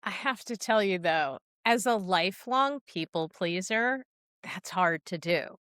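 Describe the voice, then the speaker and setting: A woman's voice: lowish voice, lively intonation, unhurried, fairly bright tone, no room sound, studio quality. A middle-aged woman hosting a podcast, candid and self-deprecating, asking her guest open questions. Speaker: podcast host and life coach. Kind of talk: podcast interview conversation.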